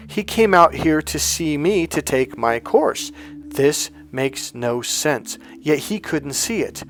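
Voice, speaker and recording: A man working as a dating coach, telling a story to his audience in a blunt, emphatic and profane way, often repeating words for emphasis. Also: on the high side. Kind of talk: storytelling monologue.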